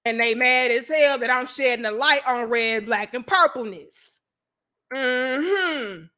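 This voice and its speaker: Woman host, St. Louis accent, high bright voice, animated and profane livestream talker. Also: moderate pace. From St. Louis, USA. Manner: animated, profane, laughs often, riffs on viewer comments. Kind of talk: livestream commentary to viewers.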